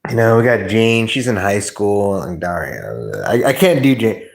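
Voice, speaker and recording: Low-voiced rambling streamer guy. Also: moderate pace. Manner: rambling, stammering, swears freely. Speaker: livestream host. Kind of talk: casual chat with stream viewers.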